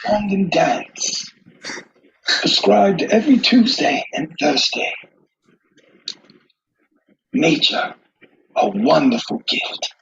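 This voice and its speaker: A man putting on the voice of a nature documentary narrator, marveling in a grand way with a gravelly, raspy tone. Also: high voice, animated, slow, long pauses, fairly bright tone, a little hiss or hum, voice pushed up, exaggerated voice. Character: hushed-awe male nature documentary narrator. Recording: dull lo-fi sound.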